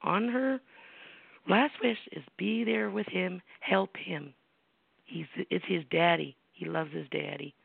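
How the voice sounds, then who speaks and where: Speaking slowly in a gravelly, slightly rough, fairly low voice, an American woman in middle age hosts a call-in show as a psychic medium. She tells her own stories with blunt emphasis, salty words and rhetorical questions. The sound is dry and tinny like a phone line, with no room sound.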